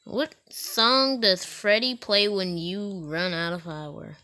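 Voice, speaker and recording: A woman's voice: medium pitch, expressive, slow pace, sharp tone. A woman hosting a gaming channel, giving casual gameplay commentary in a playful, giggly way with silly outbursts.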